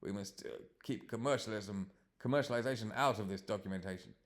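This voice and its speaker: A stern male alien warrior who speaks stiffly and with open disapproval, as a man puts him on. The voice is low and held back. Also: a little fast, lightly acted. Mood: disapproving.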